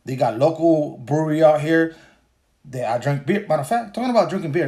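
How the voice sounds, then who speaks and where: A man's voice: fairly high pitch, lively intonation, a little fast, dark tone. A man hosting a livestream podcast in a casual, profane rant, repeating himself and laughing as he talks. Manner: profane, repetitive, laughs while talking. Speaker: podcast host.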